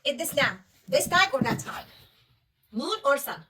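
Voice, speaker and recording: A woman's voice: sits high, big pitch swings, unhurried, pushed and bright, far from the mic. A woman teaching a young pupil to read Arabic, patiently quizzing her and praising right answers. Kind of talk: one-on-one reading lesson.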